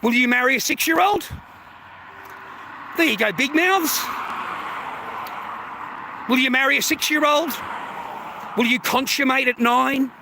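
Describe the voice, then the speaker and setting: Gravelly Australian man ranting, high and sharp. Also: a little slow, pauses often, background noise. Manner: aggressive, taunting, heavy swearing. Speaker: livestream host. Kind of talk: profane livestream rant.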